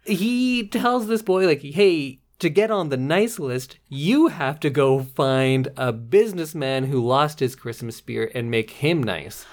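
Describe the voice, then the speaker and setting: A woman's voice: low voice, lively intonation, a little slow, hardly any pauses, a little mellow. A woman co-hosting a movie review chat, talking in a playful, sarcastic way. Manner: playful, sarcastic, puts on Southern voices. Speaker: podcast co-host reviewing movies. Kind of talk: casual chat.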